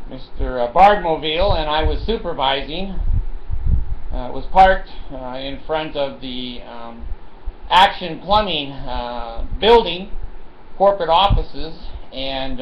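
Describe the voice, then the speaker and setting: A man telling a rambling comic anecdote as a vlogger, chuckling often and filling pauses with ums and uhs. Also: a little high, roomy sound, lo-fi sound, a little hiss or hum. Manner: chuckling, full of fillers and asides.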